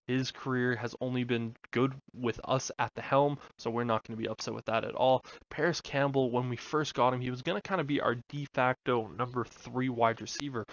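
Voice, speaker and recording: A young man talks through his video game session in a loose, easygoing way. His voice sits at an ordinary middle pitch, and he drops in casual fillers as he goes. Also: rough recording. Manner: relaxed, chatty, with filler words. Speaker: gaming YouTuber. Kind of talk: casual gameplay commentary.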